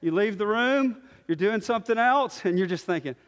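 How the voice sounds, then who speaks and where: A man preaching a sermon in an animated way, swinging between loud emphasis and quiet, soft passages. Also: high voice, normal speed, few pauses, smooth. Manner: animated, acts out quoted voices. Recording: long hall reverb.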